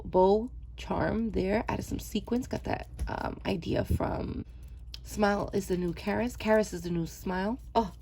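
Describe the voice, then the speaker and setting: A woman vlogger chatting through her craft projects, gushing and often correcting herself. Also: lowish voice. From New York. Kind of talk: casual show-and-tell narration.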